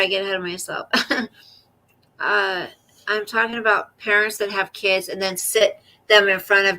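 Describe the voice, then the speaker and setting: A woman's voice: medium pitch, pushed and bright, low-quality recording. A woman hosting a casual livestream, chatting with viewers about her day and cooing at her dog in baby talk. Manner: reads and answers viewer comments aloud. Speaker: livestream host.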